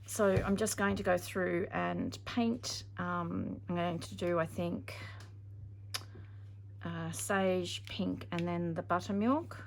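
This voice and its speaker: A woman's voice: lowish voice, steady tone, slow pace, gravelly. Woman, craft tutorial narration, chatty, thinking aloud, faint background hiss. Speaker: craft video maker.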